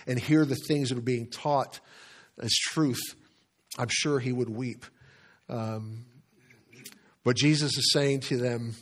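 A man preaches from the pulpit, steady and earnest. His voice sits at an ordinary middle pitch, and he paces his words with pauses, rising to stress key lines as he works through a passage. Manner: earnest, with pauses and self-corrections while reading scripture. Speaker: pastor. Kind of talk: sermon.

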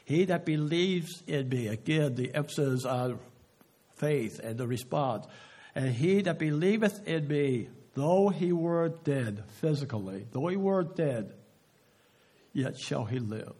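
A man preaching a sermon, slow and emphatic, often dropping to a hush on key words and asking the listeners questions. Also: fairly high pitch, animated, slightly rough. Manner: asks the audience rhetorical questions.

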